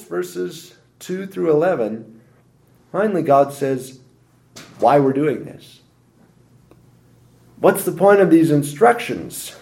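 Mellow-voiced man preaching with emphasis. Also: expressive, slow pace, vocal fry, long pauses. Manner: emphatic, with strong swings of pitch and loudness. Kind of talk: sermon.

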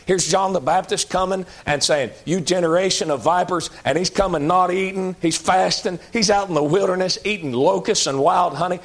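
A man preaching a sermon in a folksy, emphatic way, jumping to loud outbursts and dropping to low, slow asides. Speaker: pastor.

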